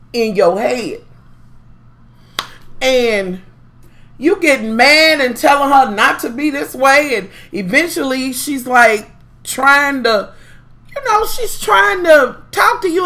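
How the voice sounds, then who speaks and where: Brief: female vlogger, sharp bright tone, foul-mouthed gossip rant with mocking drama. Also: high voice. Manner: profane, sassy, heavy swearing. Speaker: vlogger recapping a reality show.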